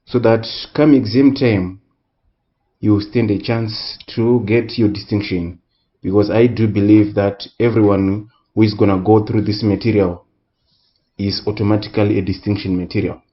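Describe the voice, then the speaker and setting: A man tutoring economics in a recorded lesson, speaking deliberately and repeating key words for emphasis. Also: lowish voice, fairly even intonation, highs cut off. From Southern Africa.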